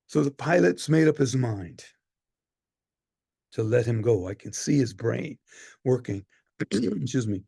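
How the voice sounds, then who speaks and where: Brief: man playing a weary Roman centurion, husky gravelly voice, dramatic monologue, hushed to loud. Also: mid-range voice, very animated, a little slow, pauses often, no echo, clean studio sound. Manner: storytelling, swings from hushed to loud. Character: weary Roman centurion telling his story. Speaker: actor in a one-man play.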